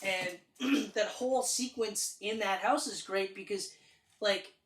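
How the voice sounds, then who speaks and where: A woman co-hosting a casual film review podcast, excitable and profane, acting out scenes as she goes. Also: medium pitch, takes it slowly. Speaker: podcast co-host. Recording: roomy, distant mic.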